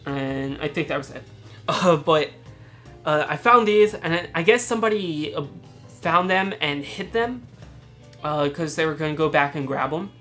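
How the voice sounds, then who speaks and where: A woman's voice: low voice, normal speed, fairly bright tone, soft background music. A woman hosting a casual haul vlog, chatty and rambling, laughing often and restarting her words. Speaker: channel host showing thrift finds.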